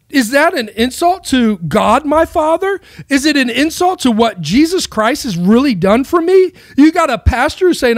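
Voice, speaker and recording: A man's voice: very high-pitched, very animated, moderate pace, dry recording, clean studio sound. A man giving a casual, rambling monologue on faith, with many rhetorical questions. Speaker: Christian speaker.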